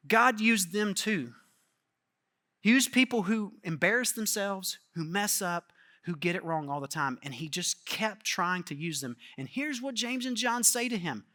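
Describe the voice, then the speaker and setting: Bright-voiced, animated male pastor. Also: high-pitched. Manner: casual, animated storytelling with acted-out quotes. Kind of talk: sermon.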